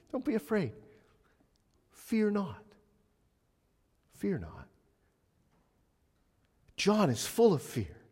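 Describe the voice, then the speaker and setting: Emphatic male preacher in a reverberant hall. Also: high voice. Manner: emphatic preaching, swinging from loud to hushed. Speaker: pastor. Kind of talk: sermon. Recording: long reverb of a large hall.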